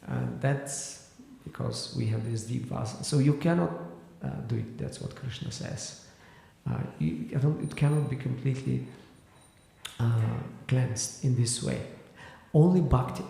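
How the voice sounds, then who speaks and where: Gravelly man lecturing in an echoey hall. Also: medium pitch, dark tone. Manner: explanatory, halting with fillers and restarts. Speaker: spiritual teacher. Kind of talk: scripture class lecture. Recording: echoey hall with long reverb.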